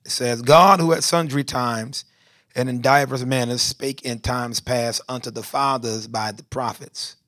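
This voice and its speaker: A man preaches and prays from the pulpit. His voice sits at a middle pitch and swells into emphatic bursts. The recording is dry, with little room sound. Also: fairly even intonation, measured pace, fairly bright tone, no room sound. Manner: rising to emphatic bursts, reverent. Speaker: pastor. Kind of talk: sermon and prayer.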